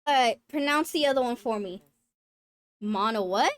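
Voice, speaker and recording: A woman's voice: fairly high pitch, animated, normal speed, no room sound. A woman livestreamer chatting casually, giggly, swearing now and then and stumbling over her words. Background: faint game music.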